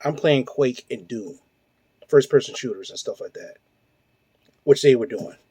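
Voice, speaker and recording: A man in his forties rants through a heated, profanity-laced monologue, firing off rhetorical questions. His voice is warm and mellow, with little brightness, and the recording sounds dry and close with no room echo. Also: mid-range voice, animated, unhurried, breathy edge. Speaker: host. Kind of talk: ranting monologue.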